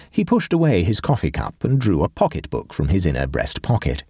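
A man narrating a classic short story aloud in a measured, lowered voice. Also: huge pitch swings, dark tone, slightly rough, no room sound, clean studio sound. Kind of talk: audiobook reading of a classic story.

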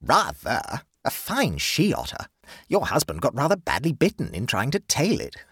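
A man reading aloud, voicing a brisk, chatty country lady neighbour in a story. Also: medium pitch, wildly swooping pitch, fairly bright tone, husky, no echo, studio quality, pitched above the performer's own voice, full character voice.

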